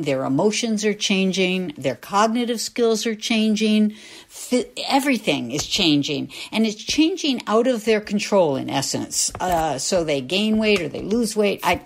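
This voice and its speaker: An older woman talks through an idea from her teaching years in a relaxed, explanatory way. Her pitch rises and falls with lively movement, and she circles back with small restarts as she thinks. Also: vocal fry. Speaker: guest, former school nurse. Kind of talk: casual conversation.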